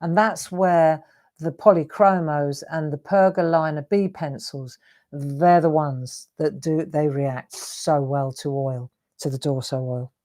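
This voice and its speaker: A woman with a fairly low voice leads a relaxed drawing tutorial. She talks chattily as she works, with a self-deprecating humour. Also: takes it slowly. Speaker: craft demonstrator hosting a live stream.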